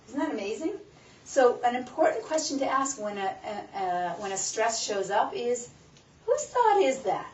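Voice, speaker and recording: A woman presenting a live stress-management workshop, teaching in an animated way with rhetorical questions. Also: medium pitch, slight background noise. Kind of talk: live talk to a small audience. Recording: roomy, distant, muffled room recording with faint background.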